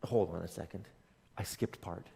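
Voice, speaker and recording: A man's voice: low voice, normal speed, gravelly, warm tone. A man preaching a sermon as a pastor, telling a story in a conversational way with dry jokes. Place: church sanctuary. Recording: long hall reverb.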